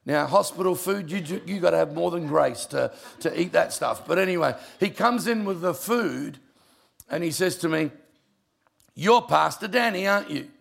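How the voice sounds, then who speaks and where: A middle-aged man preaching a storytelling sermon, mixing jokes with hushed, emotional passages. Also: a little high, moderate pace. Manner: gravelly voice, humorous, drops quiet for emotional moments. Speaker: pastor.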